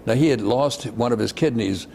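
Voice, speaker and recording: A man's voice: medium pitch, normal speed, creaky, darkish tone. An older man reminiscing as a guest speaker, telling stories over slides and often repeating words for emphasis.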